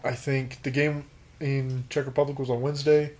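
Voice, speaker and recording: An American man co-hosting a laid-back soccer podcast. His delivery is dry and teasing, and he laughs easily as he argues predictions and corrects his partner. His voice sits in an ordinary middle pitch. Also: flat delivery, moderate pace, a little mellow. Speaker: podcast co-host. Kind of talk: casual sports podcast chat.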